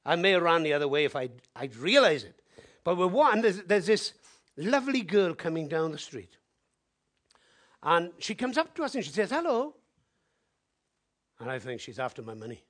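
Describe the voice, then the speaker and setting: Animated preacher telling a story. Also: male voice, a little high, brisk. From Wales. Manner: animated, swinging between loud exclamations and hushed asides. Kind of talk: sermon storytelling.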